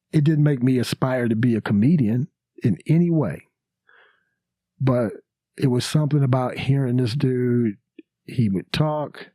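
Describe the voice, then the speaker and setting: A man's voice: medium pitch, mellow, dry recording. A man, a comedian and podcast guest, telling a story casually with lots of fillers and acted-out quotes. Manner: anecdotal, many fillers, acts out quotes. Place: podcast studio.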